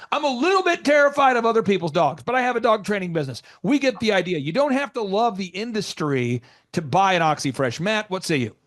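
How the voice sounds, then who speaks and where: High-voiced energetic male podcast host. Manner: animated, jokey, rambling with restarts and put-on voices.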